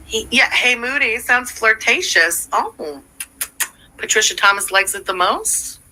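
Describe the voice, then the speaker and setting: A woman's voice: a little high, lively intonation, unhurried, sharp tone, low-quality recording. Blunt, profane woman streamer. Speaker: livestream commentary host. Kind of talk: livestream reaction commentary.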